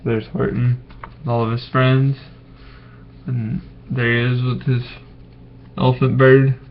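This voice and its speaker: A man reading a storybook aloud to his children, gentle and stopping to ask them questions. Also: medium pitch, little pitch movement, unhurried, a little hiss or hum. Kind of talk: bedtime story read aloud. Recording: dull lo-fi recording.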